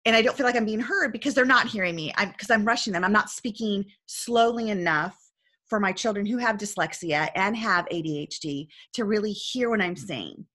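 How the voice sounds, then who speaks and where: A woman's voice: mid-range voice, fairly quick, a bit bright. A woman coach talking earnestly in a casual discussion, telling a story and often checking in with "right?".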